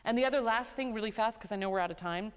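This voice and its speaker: A woman teaching a vocal master class, animated and playful, who often sings short phrases to show what she means. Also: fairly high pitch, racing, smooth. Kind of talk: coaching a singer in a master class. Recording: hall reverb, live concert hall.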